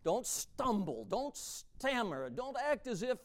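A man preaching a sermon in a dramatic way, dropping to a hush and then booming out, drawing out key words. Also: big pitch swings, takes it slowly. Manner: dramatic, swings between hushed and booming, stretches key words.

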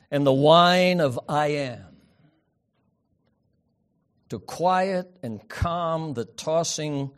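A man preaching a sermon, swinging from loud emphatic peaks down to soft, quiet asides. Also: fairly high pitch. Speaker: pastor.

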